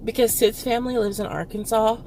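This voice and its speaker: A woman's voice: fairly high pitch, steady tone, dark tone, a little hiss or hum. Tearful young woman telling a story. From Texas. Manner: halting, many fillers, nervous laughs. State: tearful, close to crying. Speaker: vlogger. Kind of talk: emotional personal storytelling.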